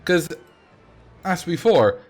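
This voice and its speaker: A man's voice: a little high, very animated, faint music behind. Chatty Dutch-accented man streaming a game. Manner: chatty, laughs easily, halting restarts. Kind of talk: casual livestream chat, replying to chat.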